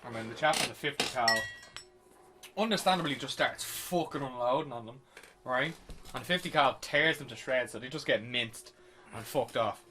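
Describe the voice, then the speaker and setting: A man's voice: mid-range voice, normal speed, noisy background. A man on a podcast casually recapping a film, rambling and swearing. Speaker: podcast host. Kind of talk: casual film review chat.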